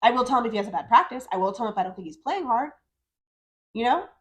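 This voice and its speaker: A fairly high-voiced woman in her thirties co-hosting a casual podcast. She talks animatedly and jumps into quick impressions of the people she's talking about. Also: dull audio. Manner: animated, talks fast and acts out quotes. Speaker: podcast co-host. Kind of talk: casual chat.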